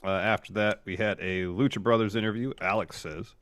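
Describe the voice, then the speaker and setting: A man co-hosting a podcast, recounting events in a relaxed, casual way. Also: fairly low pitch, brisk, dry recording, studio quality. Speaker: podcast co-host. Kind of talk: casual chat.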